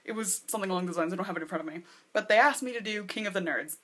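A young woman in her twenties chats straight to her camera from her bedroom. Her talk is rambling and loose, full of asides and filler words. Her voice sits at a middle pitch for a woman. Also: racing, fairly bright tone. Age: 20s. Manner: chatty, rambling, lots of "like" and acted-out quotes. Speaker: vlogger. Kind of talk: casual vlog chat. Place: bedroom with posters.

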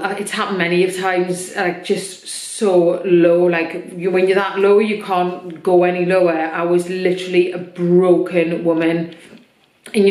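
Woman vlogger, low-ish voice, candid filler-heavy chat, slightly scratchy throat, roomy echo. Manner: open, chatty, many fillers. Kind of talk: personal vlog chat. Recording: echoey room.

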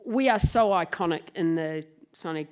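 A woman telling a true story live to an audience, lively and laughing often, swearing casually. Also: lowish voice, moderate pace. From New Zealand. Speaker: motorcycle club president and storyteller.

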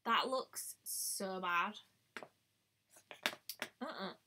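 A woman's voice: mid-range voice, extremely slow, background noise. A woman chatting bubbly on a live stream, greeting viewers by name, recorded on a webcam at home. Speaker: beauty vlogger. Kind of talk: live-stream casual chat.

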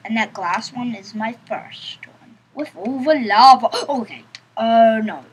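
A woman's voice: fairly high pitch, unhurried, a little hiss or hum, rough recording. A woman giving casual let's-play commentary, chatting to herself in a playful, giggly way. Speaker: gameplay commentator.

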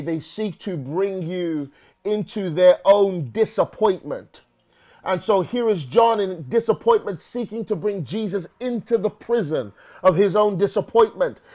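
A man with a London accent preaching a sermon dramatically, acting out quoted voices and often repeating words as he goes. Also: a little mellow. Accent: London English. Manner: dramatic, acts out quoted voices with swings in pitch and volume. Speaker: pastor.

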